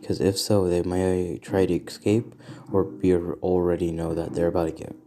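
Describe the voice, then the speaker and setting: Man playing an earnest young hero, low voice, questioning tone. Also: level tone, normal speed, warm tone, slight background noise. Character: young male hero, sharp tactician.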